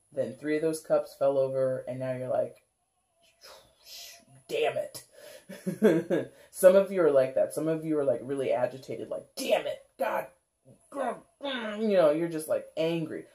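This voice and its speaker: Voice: medium pitch, expressive, moderate pace, mellow. A tarot reader giving a casual reading, rambling with lots of "like" and "kinda", laughing often and acting out how viewers might react. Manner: chatty, rambling, full of "like" and "kinda".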